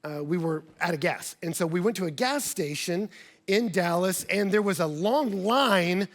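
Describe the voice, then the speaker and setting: A man, a pastor, preaching a sermon with personal storytelling, animated and acting out quoted dialogue. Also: normal speed. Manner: animated, acts out quoted dialogue with big pitch jumps.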